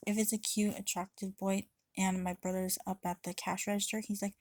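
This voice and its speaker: A woman's voice: medium pitch, flat delivery, brisk, few pauses, darkish tone. A woman vlogger ranting to camera in a rambling way, swearing often and restarting her sentences. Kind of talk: casual rant to camera.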